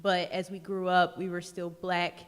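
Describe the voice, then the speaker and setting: A woman's voice: fairly low pitch, flat delivery, measured pace, smooth. A woman poet from North Carolina talking to the audience and performing spoken word. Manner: engaging crowd, rhythmic delivery. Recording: reverberant library hall.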